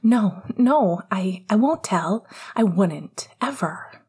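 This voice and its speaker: A woman voicing a nervous teenage boy student who stammers in a raised, husky voice. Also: lively intonation, slow, a little mellow, heavily acted. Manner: jittery, higher and stammering.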